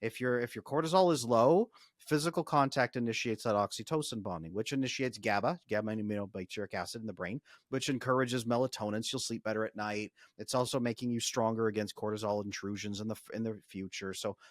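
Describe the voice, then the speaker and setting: A man's voice: on the low side, quick pace, no room sound, studio quality. A man speaking as a podcast guest and relationship coach, explaining ideas energetically with frequent restarts. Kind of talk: casual explanatory podcast talk.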